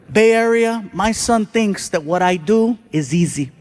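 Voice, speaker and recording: A male stand-up comedian, telling animated stories on a comedy stage and acting out the people in them. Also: sits high, measured pace, hardly any pauses. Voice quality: animated, acts out voices of the people in his stories. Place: comedy stage before a live audience.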